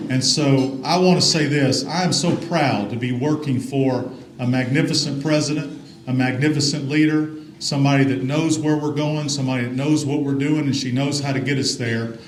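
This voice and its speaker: A man's voice: mid-range voice, slight background noise. A middle-aged man from Alabama, giving a folksy, upbeat ceremony speech as athletics director. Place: large reverberant banquet hall. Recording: roomy hall with faint ambience.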